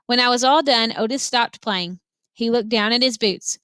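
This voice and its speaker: A woman reading a children's novel aloud with lively, expressive storytelling. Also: on the high side, moderate pace, smooth, no room sound. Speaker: reader.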